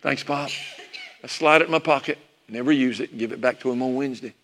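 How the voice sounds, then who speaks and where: A man's voice: mid-range voice, rapid-fire, fairly bright tone, a little hiss or hum. A preacher telling a sermon story, reminiscing about his parents. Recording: long hall reverb.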